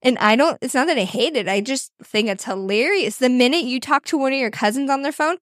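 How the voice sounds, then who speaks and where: A woman's voice: sits high, brisk, fairly bright tone, dry recording. Chatty, playful woman co-host, dry sound. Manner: chatty and playful, heavy use of "like". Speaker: podcast co-host. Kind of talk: casual chat with her husband.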